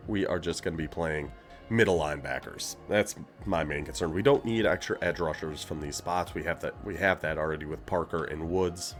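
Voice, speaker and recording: Low-voiced guy talking through a football video game team, laid-back and rambly, faint music under it. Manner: relaxed, conversational, rambling with asides. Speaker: gaming channel host. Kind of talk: casual video game commentary.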